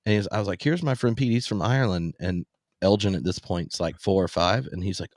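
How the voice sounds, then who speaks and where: A man hosting a casual podcast conversation, spinning animated anecdotes about friends and family. His voice sits on the low side and the recording is close and dry, with no room sound. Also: quick pace, no room sound. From US South. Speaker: podcast host. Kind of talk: casual chat.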